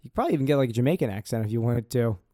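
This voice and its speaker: A man co-hosting a casual podcast chat, dropping teasing asides and quick corrections. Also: mid-range voice, expressive, mellow, no room sound, clean studio sound. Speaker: podcast co-host.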